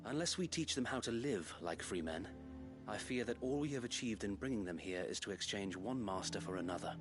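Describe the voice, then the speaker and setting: Man doing a polite noble knight in a game, formal and kinda wry, lowish voice. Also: animated, over music, natural voice. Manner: formal and wry, measured speech. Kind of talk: video game dialogue.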